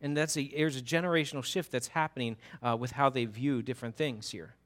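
A man's voice: mid-range voice, fairly even intonation, fairly quick, a bit bright. A man preaching a sermon in an earnest, emphatic way, often restarting his words.

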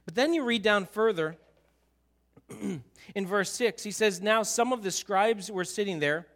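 A male pastor delivers a sermon in a church sanctuary, speaking into a stage microphone. His voice sits high and sounds bright and forceful. He tells the story in an animated way, jumping from loud outbursts down to soft, quiet remarks. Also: measured pace.

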